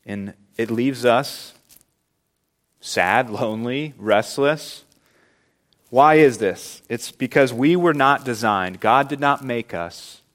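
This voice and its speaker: A man preaching a sermon as pastor, earnest and emphatic, slowing down to stress key words. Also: medium pitch, a bit bright.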